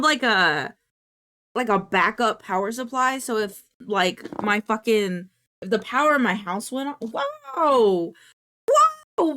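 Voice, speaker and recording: A woman's voice: mid-range voice, sharp tone. A woman VTuber streamer in casual live-stream chat, chatty and swearing freely as she coos at her cat.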